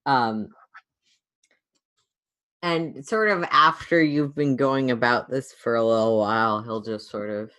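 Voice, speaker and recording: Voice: mid-range voice, steady tone, takes it slowly, pauses often, bright, forceful tone. A game master narrating and ruling on a tabletop game.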